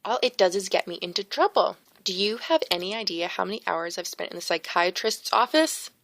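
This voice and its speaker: A woman's voice: medium pitch, lively intonation, fairly bright tone. A woman voicing a brash teenage girl heroine who speaks bluntly and sarcastically in an audiobook. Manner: blunt, sarcastic, quick to snap.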